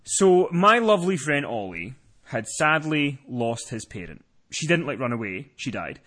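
A man tells a story on a podcast in a lively, swooping voice. His tone is bright and forward. He rambles, doubles back and restarts as he goes. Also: mid-range voice, moderate pace. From lives in Scotland. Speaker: podcast co-host. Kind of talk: casual podcast chat.

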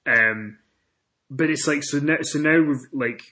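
A man co-hosting a wrestling chat show, voice sitting a little high for a man. He tells his stories with energy, jumping up in pitch and volume whenever he gets worked up. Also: measured pace. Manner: animated storytelling, rises in pitch and volume when excited. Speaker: podcast co-host.

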